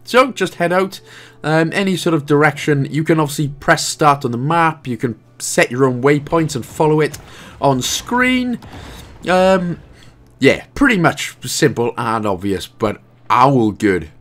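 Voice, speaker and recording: At a moderate pace and on the high side in pitch, a Welsh man guides viewers through a game. He chats casually about the controls, tossing in jokey asides along the way.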